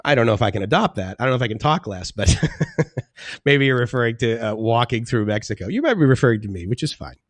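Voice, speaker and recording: A man's voice: mid-range voice, animated, fast, no room sound. A man hosting a casual live stream, chatting in a rambling way and laughing often as he reads out chat comments.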